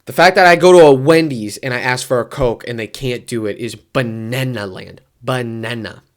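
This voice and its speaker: A man vlogging about sports in a casual, rambling way, his voice jumping high when he gets worked up. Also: moderate pace. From Detroit area.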